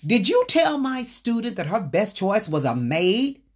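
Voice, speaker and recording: A woman voicing a tall, stern male teacher who speaks forcefully and protects his student. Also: low voice, a little slow. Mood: angry. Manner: forceful, commanding.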